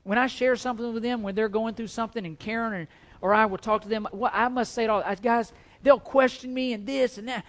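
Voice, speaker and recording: Male pastor, sermon delivery: emphatic, repetitive, loud stresses and quiet drops, some stumbles. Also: extremely high pitch, fairly even intonation, a little fast. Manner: stumbles and repeats words at times.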